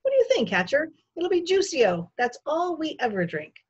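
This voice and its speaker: A woman voicing a pompous, booming middle-aged man who lectures about manners. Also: huge pitch swings, moderate pace, dull audio. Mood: blustering. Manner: booming, self-important. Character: pompous middle-aged male guest, blustering.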